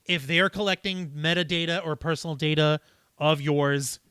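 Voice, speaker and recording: A male livestream host talks through a topic in a loose, rambling way, full of fillers and restarts. His voice is bright and smooth, and the sound is dry and close. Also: on the high side, fairly even intonation, moderate pace, no room sound. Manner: explains at length with fillers and restarts. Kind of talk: casual livestream discussion.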